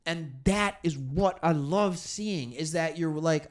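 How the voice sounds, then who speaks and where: A man hosting a solo sports talk show, emphatic and animated, speaking straight to his viewers. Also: fairly high pitch, slow, few pauses. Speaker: sports commentary host.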